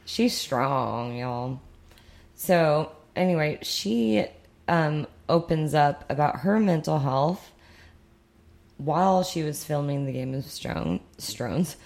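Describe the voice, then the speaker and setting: A woman's voice: sits low, expressive, slow pace, creaky, a little mellow. A young woman from the United States co-hosting a podcast in casual, rambling chat with sarcastic asides. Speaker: podcast co-host.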